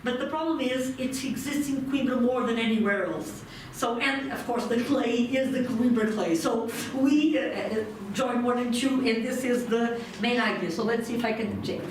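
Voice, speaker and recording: A woman's voice: fairly high pitch, normal speed, hardly any pauses. A woman from Portugal with a Portuguese accent giving a chatty, self-correcting conference presentation, picked up by a distant mic in a lecture hall. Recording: echoey hall from far off, audience noise.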